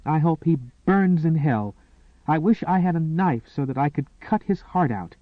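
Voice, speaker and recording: A distraught young woman from a storybook, choked and pleading in a high, strained voice, as a man puts her on. The recording is tinny like a phone line and very dry. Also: animated, normal speed, no echo, lightly acted. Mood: bitter.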